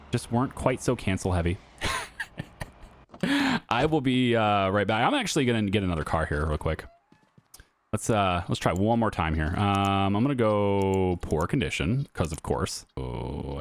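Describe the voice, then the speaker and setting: A man's voice: on the low side, a little hiss or hum. A man in his thirties chatting casually over gameplay, joking and sarcastic with his viewers. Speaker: gaming YouTuber.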